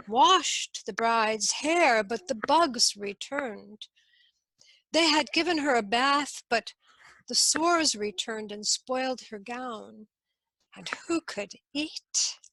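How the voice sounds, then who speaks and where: A woman storyteller telling a medieval tale slowly and expressively, with dramatic pauses. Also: a little high, fairly bright tone, no echo, poor audio. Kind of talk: oral storytelling.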